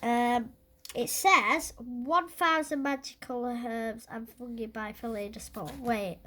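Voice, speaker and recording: A British speaker showing books on a casual vlog, thinking aloud with many fillers and pauses while flipping through pages. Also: medium pitch, steady tone, pushed and bright. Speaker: book collector vlogger. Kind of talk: casual show-and-tell.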